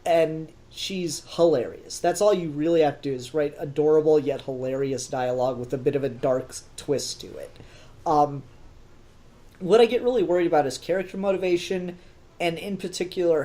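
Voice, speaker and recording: A man co-hosting a casual podcast film review, talking with animated energy, laughing often and swearing casually. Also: fairly high pitch, normal speed. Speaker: podcast co-host.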